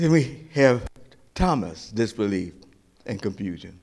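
A male pastor preaching a sermon, retelling scripture, swinging from loud emphasis to hushed whispers and often repeating and restarting phrases. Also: fairly high pitch, sing-song, unhurried.

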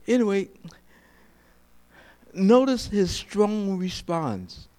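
A man leads his sermon as pastor, jumping between slow, whispered quotes and spirited, high preaching. Repeated words and restarted phrases run throughout.

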